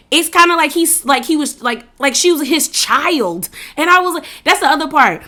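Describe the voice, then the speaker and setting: A woman casually recapping a reality show episode, chatty and opinionated, with slangy, animated retelling. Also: high voice, moderate pace, few pauses.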